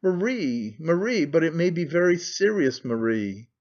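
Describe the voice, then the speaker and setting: A man's voice: on the high side, very animated, a little slow, a little mellow, muffled recording. A man doing a distraught pleading young man. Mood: pleading, alarmed. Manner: pleading, flustered.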